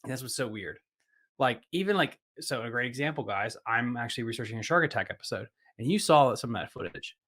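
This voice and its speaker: A man in the middle of the male pitch range chats loosely as a podcast host. He rambles through his points with a steady stream of "like" fillers and curses now and then. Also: fast talker. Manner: rambling, heavy use of "like" fillers, swears casually. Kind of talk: casual chat.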